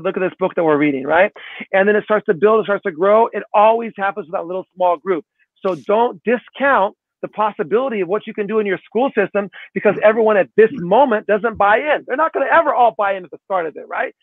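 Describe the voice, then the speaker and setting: A man being interviewed as a guest author, talking in an energetic, emphatic way and often ending points with tag questions. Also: high-pitched, no room sound. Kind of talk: podcast interview answer. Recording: tinny dry phone line.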